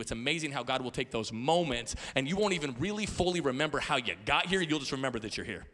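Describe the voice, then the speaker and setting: With a mid-range voice, a quick pace, and few pauses, a pastor in his thirties preaches a sermon in a church auditorium. He tells stories animatedly, adding playful asides and stammering repeats.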